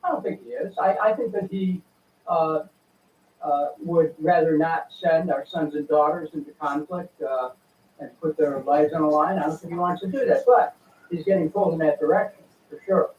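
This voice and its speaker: An older man, a former congressman, speaking as a guest in a political interview, deliberate and earnest with many pauses. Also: on the high side, a little hiss or hum. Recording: tinny phone-like line, echoey room, from far off.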